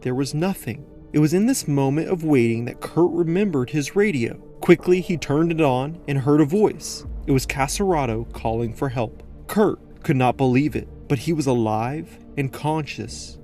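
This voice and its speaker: A man giving scripted documentary narration in a measured, dramatic storytelling manner. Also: fairly high pitch. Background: faint background music.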